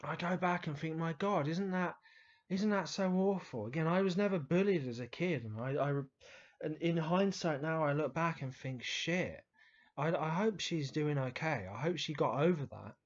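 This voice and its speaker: Rambling male storyteller, slightly higher voice. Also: moderate pace, lo-fi sound. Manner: rambling, with many fillers and restarts, sometimes swearing. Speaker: writer telling stories to camera. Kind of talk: casual storytelling monologue.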